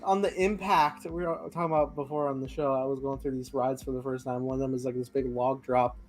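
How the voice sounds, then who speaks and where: A man hosting a podcast, telling stories casually in an animated, joking way. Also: mid-range voice, fast talker, faint music behind. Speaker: podcast host. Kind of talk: casual chat.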